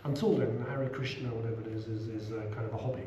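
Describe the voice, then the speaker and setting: A middle-aged man leading a relaxed scripture class, chatty, with many asides and repeated "you know"s. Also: fairly low pitch, quick pace. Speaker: scripture teacher. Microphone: small action camera. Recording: roomy room, faint background hum.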